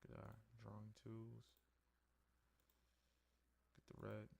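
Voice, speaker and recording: A sleepy man with a gravelly, somewhat low voice walks through his trading charts in a loose, conversational way. He sounds worn out after a long day. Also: takes it slowly, slight background noise. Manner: tired, yawning, relaxed and conversational. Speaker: forex trading analyst. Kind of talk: casual screen-share market review.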